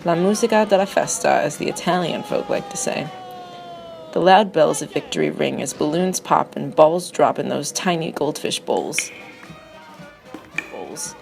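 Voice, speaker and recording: A woman reading a personal narrative essay aloud in a wry, excitable storytelling manner. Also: low-pitched, vocal fry, poor audio.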